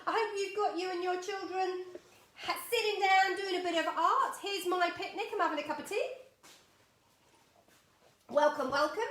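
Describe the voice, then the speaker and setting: A middle-aged woman leads a live drawing lesson from her home studio, bright and high-pitched, chatting and encouraging her viewers as she works. Her voice rings in a roomy, echoey space. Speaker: art teacher.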